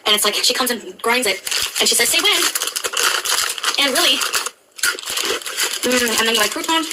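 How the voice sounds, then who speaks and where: A woman's voice: a little high, noisy background. A woman chatting casually on her eating vlog in a giggly, chatty way. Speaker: food vlogger.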